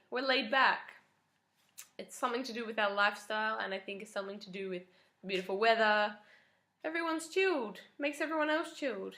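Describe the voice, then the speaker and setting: Young Australian woman, casual chat to camera, bright tone, roomy echo. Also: fairly high pitch. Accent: Australian, softened. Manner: chatty, wry, self-deprecating. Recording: echoey room.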